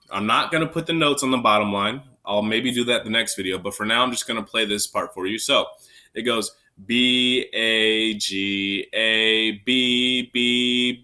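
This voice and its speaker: Bright-voiced man teaching a recorder lesson. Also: medium pitch. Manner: counts in and calls out note names steadily. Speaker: music teacher. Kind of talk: recorder lesson for young students.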